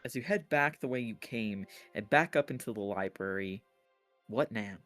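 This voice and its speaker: A man with a fairly low voice narrates a tabletop game as its game master. He talks in a halting way with plenty of fillers, and soft music sits faintly behind him.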